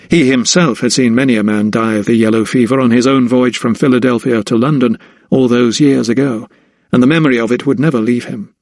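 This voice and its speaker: A man narrating a historical mystery audiobook in an even, measured storytelling voice. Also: mid-range voice, dry recording, studio quality. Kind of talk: scripted narration.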